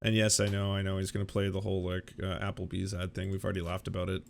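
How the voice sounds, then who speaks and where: A man's voice: deep voice, monotone, fast talker, creaky, very noisy. A man hosting a casual reaction commentary, sarcastic and incredulous, swearing freely. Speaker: commentary host.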